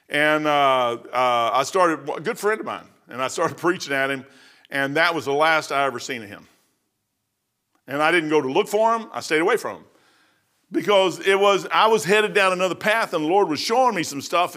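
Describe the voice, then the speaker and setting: A middle-aged man leads an informal Bible lesson in a folksy, rambling manner, hammering points home by repeating phrases. His voice sits a little high for a man and comes out forceful and pressing. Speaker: Bible teacher.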